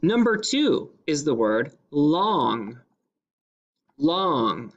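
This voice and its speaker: A man teaching a phonics dictation lesson to young pupils, sounding out each word slowly and clearly and repeating it several times. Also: medium pitch, big pitch swings, dull audio.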